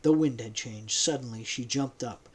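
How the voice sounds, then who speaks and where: A man narrating a novel as an audiobook, in a measured storytelling manner. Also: medium pitch, breathy edge. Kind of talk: audiobook reading.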